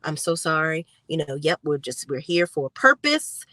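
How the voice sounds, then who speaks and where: A woman's voice: sits low, very animated, moderate pace, sharp tone, no echo, studio quality, pitched below the performer's own voice, exaggerated voice. A woman putting on the voice of a young man caught out, sheepish and apologetic.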